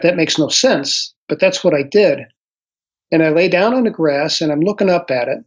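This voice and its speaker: A man in his sixties, a guest author recounting a personal experience slowly and thoughtfully, pausing often with ums and uhs. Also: fairly high pitch. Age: 60s. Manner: slow, reflective storytelling with frequent pauses and fillers. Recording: dull lo-fi audio.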